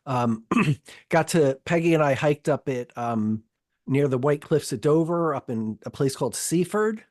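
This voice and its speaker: A man's voice: on the high side, expressive, a little slow, darkish tone. A man co-hosting a podcast in casual chat, telling stories in a rambling, profane way with many restarts. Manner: rambling, profane, self-interrupting storyteller. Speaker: podcast host.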